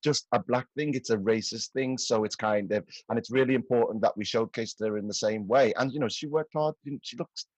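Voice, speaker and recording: A man in a casual podcast panel discussion, retelling a story in an animated way. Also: mid-range voice, fairly quick, few pauses, no room sound.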